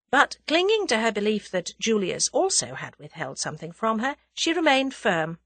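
A woman's voice: mid-range voice, very animated, moderate pace, pushed and bright, no echo. A woman reading a novel aloud as an audiobook narrator, telling the story expressively. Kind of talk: scripted narration.

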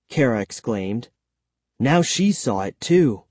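A narrator reading a first-person story aloud in a slow, measured, lively way. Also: medium pitch, husky, no echo. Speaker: audiobook narrator.

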